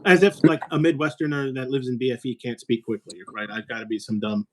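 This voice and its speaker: A man from Illinois chats at a rapid clip, rambling from one thought to the next and tossing in jokes. His voice sits at a middle pitch. A faint hiss runs under the recording. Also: fairly even intonation. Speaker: host. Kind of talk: casual chat.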